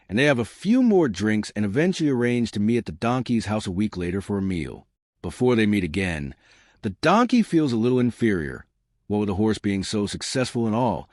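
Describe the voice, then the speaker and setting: A man narrating scripted jokes in a lively storytelling manner. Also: lowish voice, dry recording, clean studio sound. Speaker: joke narrator.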